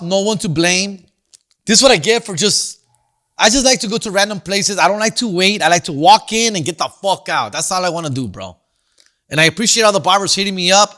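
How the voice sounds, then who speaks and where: A man's voice: a little high, a bit bright. A man hosting a comedy podcast, telling a story in a slangy, profane, casual way. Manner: answers listener questions.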